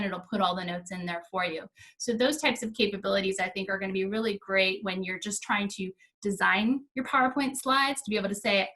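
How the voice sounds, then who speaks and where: Woman, mid pitch, tech trainer guest, clear practical explaining, video call interview. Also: a bit bright. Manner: clear, practical, laughs easily. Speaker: guest, Microsoft Office trainer.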